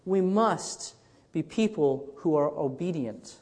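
A man's voice: fairly high pitch, animated, slow, darkish tone. Guy pastor telling a story in his sermon, casual, lots of restarts, long church echo. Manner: conversational storytelling with frequent restarts.

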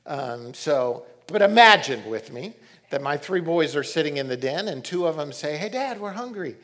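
A middle-aged man preaching a sermon as pastor, reading scripture and telling stories in an animated way. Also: fairly high pitch, normal speed. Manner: animated storytelling, reads scripture aloud.

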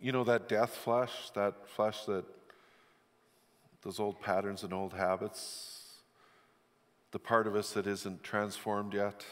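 A man's voice: fairly low pitch, little pitch movement, slow, pauses often, big-room sound. A middle-aged male pastor preaching a sermon, with candid, self-deprecating stories. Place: church sanctuary.

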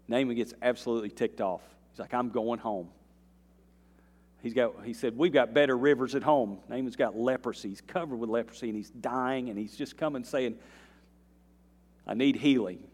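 A male pastor preaching a sermon, swinging between quiet earnest passages and loud, rising bursts, with folksy asides to the congregation. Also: mid-range voice, husky. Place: church sanctuary. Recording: long reverb of a church hall.

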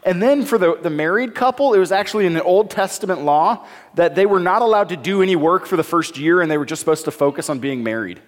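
A pastor preaching in a church hall with a long reverb trailing his words. His voice sits a bit high for a man. He reads scripture in a casual, joking way and acts out the dialogue. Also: quick pace. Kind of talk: sermon with Bible reading.

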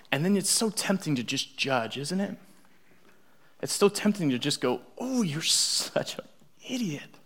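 A young adult man preaching a sermon with humorous stories, swinging from loud exclamations to hushed asides. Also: fairly high pitch. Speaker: pastor.

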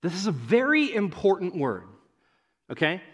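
A man preaching a sermon as pastor in a church, conversational and animated, often acting out the voices he quotes. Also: high-pitched, normal speed.

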